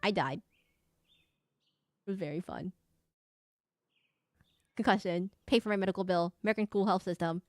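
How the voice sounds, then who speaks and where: A woman's voice: mid-range voice, normal speed, long pauses, no room sound. Giggly young woman streaming a game. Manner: giggly, chatty, jokey. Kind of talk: casual gaming commentary.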